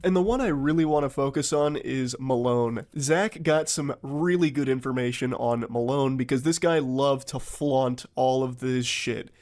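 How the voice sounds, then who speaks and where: A man's voice: mid-range voice, normal speed, hardly any pauses, darkish tone. A congested man narrating a commentary video in a mocking, sarcastic tone.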